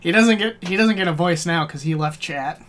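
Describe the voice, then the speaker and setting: Low-pitched woman host for a relaxed tabletop stream, casual and a bit salty. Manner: casual, swears, reads prompts out slowly. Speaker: game master leading a character workshop.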